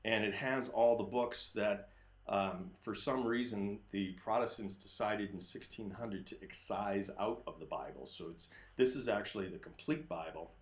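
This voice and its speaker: A man hosting a political commentary monologue, talking emphatically and sometimes breaking into shouts. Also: fairly low pitch, moderate pace. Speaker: host. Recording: roomy echo.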